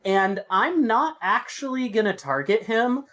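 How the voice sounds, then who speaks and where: A woman's voice: fairly high pitch, animated, fairly bright tone. A woman playing a tabletop game, chatting casually and checking the rules. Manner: rules-focused, quick asides. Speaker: player. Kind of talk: casual chat.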